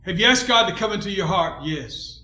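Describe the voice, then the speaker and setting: A man pastor preaching a sermon in a church, emphatic, swinging between quiet and loud, calling out for amens. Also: high-pitched, expressive, moderate pace, echoey room, faint music behind.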